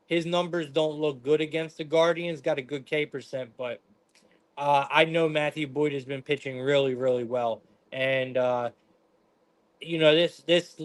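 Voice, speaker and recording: A man hosting a live sports betting stream, giving casual game breakdowns and talking to his chat in a laid-back way. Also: a little high. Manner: laid-back, talks to chat, says "bro" and "man" often.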